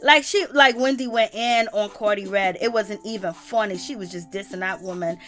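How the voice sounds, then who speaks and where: A woman telling celebrity gossip in a casual, animated way. She exclaims often, swears, and laughs as she retells what others said. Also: mid-range voice, normal speed.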